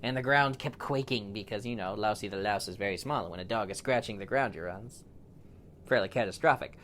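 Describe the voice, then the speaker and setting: A man improvising a bedtime story for a child, playful and animated, with big swings in loudness. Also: fairly low pitch, a little fast, a little hiss or hum.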